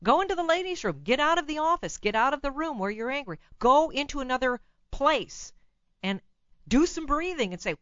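A woman hosting a call-in radio show as a psychologist, giving blunt, animated advice and laughing at her own remarks. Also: sits high, a little fast, dry recording, muffled recording.

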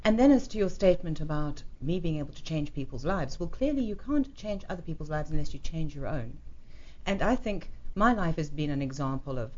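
Articulate English-born woman guest, low-ish voice, muffled radio with faint hiss. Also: a little mellow. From England. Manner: articulate, polished, motivational. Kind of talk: talk show interview. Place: radio studio. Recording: dull lo-fi radio sound with faint noise.

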